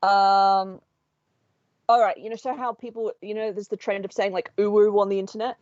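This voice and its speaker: An Australian woman talks casually on a podcast, animated and quick to slip into little voices as she tells stories. Her voice sits mid-pitched, recorded dry with a slightly dull, muffled tone. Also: dry recording. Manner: animated storyteller, acts out voices. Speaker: podcast co-host. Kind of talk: casual chat.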